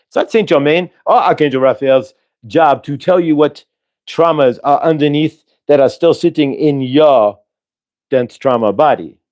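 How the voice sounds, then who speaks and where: A man gives a live spiritual channeling talk in an earnest, coaching manner, putting rhetorical questions to the listener. His voice is fairly high-pitched and darkish, at normal speed.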